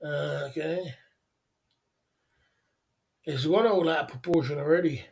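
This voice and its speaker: A man's voice: on the high side, a little slow, creaky, darkish tone, breathy edge. Insistent man ranting to chat. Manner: repetitive, insistent, scolding. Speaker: livestream host. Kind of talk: casual livestream rant to chat.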